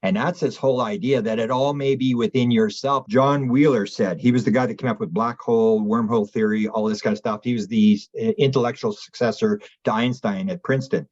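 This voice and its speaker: A man's voice: medium pitch, fairly even intonation, brisk, hardly any pauses, darkish tone. A man, a guest on an interview show, telling long rambling stories and acting out the people he quotes in raised voices. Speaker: interview guest, UFO researcher. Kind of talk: anecdotal storytelling in an interview. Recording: dull lo-fi audio.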